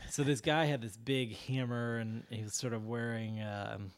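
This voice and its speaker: A man's voice: mid-range voice, fairly even intonation, a little slow, no echo. A man chatting casually as a podcast co-host, telling a story in a rambling way with many fillers and restarts, laughing often.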